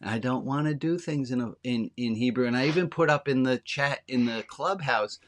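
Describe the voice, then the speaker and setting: A man speaks as a rabbi at medium pitch and a moderate pace. He gives a frank, plainspoken sermon in a conversational style, talking directly to a small congregation.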